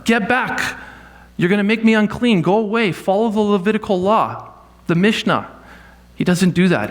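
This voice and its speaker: Man preaching a lively sermon. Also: fairly high pitch. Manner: conversational, animated teaching with acted quotes. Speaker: pastor. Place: church sanctuary.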